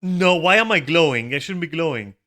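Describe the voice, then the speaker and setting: A man's voice: on the high side, animated, fairly quick, bright, forceful tone. A man giving live gameplay commentary, swearing often, laughing and exclaiming in dismay. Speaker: gamer streaming a raid.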